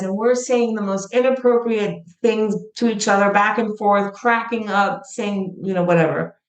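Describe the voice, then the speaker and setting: A woman's voice: mid-range voice, fairly even intonation, moderate pace. Woman, middle-aged, earnest, emotional storytelling, roomy echo. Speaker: guest, founder of a gratitude platform. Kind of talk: heartfelt storytelling in an interview.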